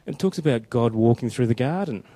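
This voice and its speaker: A man preaching a chatty, informal sermon who slows down when reading scripture aloud. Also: mid-range voice, expressive, dark tone. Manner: conversational and chatty, slowing down for scripture quotes.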